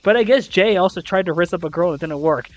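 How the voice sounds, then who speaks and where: Speaking fast in a mid-range voice, a young adult host runs through college esports league scores and rants with exasperated disbelief, swearing casually. The highs are cut off, and soft music plays in the background.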